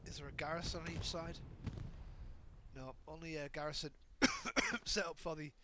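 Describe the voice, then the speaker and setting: A man giving live play-by-play commentary on an online shooter match, excitable and often correcting himself mid-sentence. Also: fairly high pitch, moderate pace. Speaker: game commentator. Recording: noisy with gunfire in background. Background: game gunfire and ambience.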